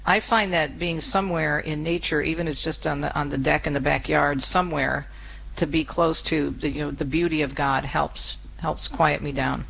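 Low-voiced woman radio host. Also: fairly even intonation, moderate pace, gravelly, a bit bright, poor audio. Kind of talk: radio talk show.

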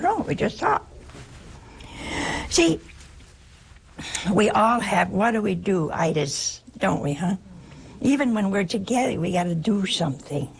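A woman gives an informal spiritual talk, her voice gravelly and deeply husky, with a lot of rough grain. She keeps it chatty and humorous and acts out snippets of dialogue as she goes. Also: darkish tone. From United States.

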